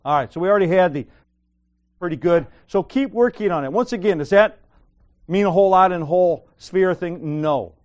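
A man's voice: high-pitched, fairly quick, lo-fi sound. A man leading a church Bible class, joking with his students and then explaining memorization techniques in a casual way. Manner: joking, conversational, encouraging.

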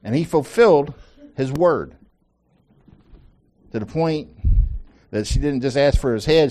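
Man, Bible study leader, informal teaching, repeats himself for emphasis, mid-pitched voice. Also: a little slow, pauses often, a little mellow. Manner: conversational, repeats phrases for emphasis, asks the group questions.

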